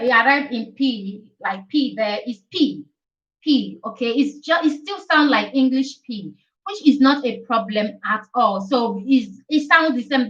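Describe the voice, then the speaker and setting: A woman's voice: a little high, fairly bright tone. Chatty woman teaching the alphabet, distant. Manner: chatty, repeats letters, asks "okay?" often. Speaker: Italian teacher. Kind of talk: casual live-stream alphabet lesson. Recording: distant dull live-stream audio.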